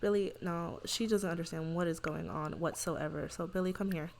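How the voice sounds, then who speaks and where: A young woman giving casual let's play commentary, chatty and full of fillers and quick asides. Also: on the low side, fairly even intonation, vocal fry, noisy background. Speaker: gaming YouTuber.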